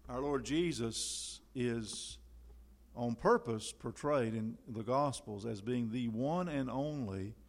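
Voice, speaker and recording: A man preaching a sermon in a conversational way, full of fillers, getting louder when he quotes scripture. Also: medium pitch, slow, creaky.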